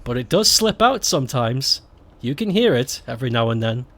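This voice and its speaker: A man's voice: mid-range voice, big pitch swings, normal speed, a bit bright. A young man from Stoke chatting casually on a gaming live stream, swearing freely and laughing often. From Stoke-on-Trent, England. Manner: swears a lot, laughs often, rambling and candid. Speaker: game streamer.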